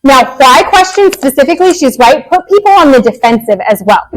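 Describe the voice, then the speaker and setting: A woman behavior analyst, herself a parent, giving a lively, joking workshop talk to parents. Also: sits high, rough recording. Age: adult parent. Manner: lively, joking, acts out quick quotes.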